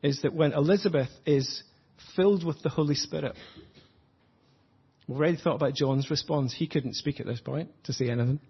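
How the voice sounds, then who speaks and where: A man preaching an earnest, reflective sermon, slowing down to stress his points. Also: a little high, vocal fry, breathy edge, highs cut off. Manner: earnest, reflective, slows for emphasis.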